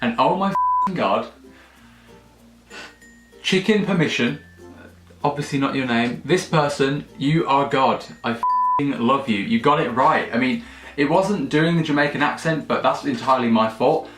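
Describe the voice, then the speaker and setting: A man's voice: mid-range voice, normal speed. Jokey young man vlogging. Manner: jokey, excitable, swears freely. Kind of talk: casual direct-to-camera chat. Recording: echoey room, faint music.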